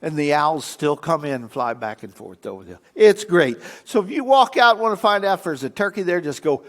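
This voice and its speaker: A man's voice: fairly high pitch, a little fast. An older man, a guest speaker telling folksy, humorous stories and breaking into animal calls. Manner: lively, imitates animal calls. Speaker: guest speaker at a church event. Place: church sanctuary. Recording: long reverb of a church hall.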